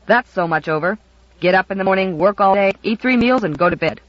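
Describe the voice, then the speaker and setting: An audiobook reader voicing a gruff, booming country uncle. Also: brisk, no echo, lo-fi sound, close to an everyday voice.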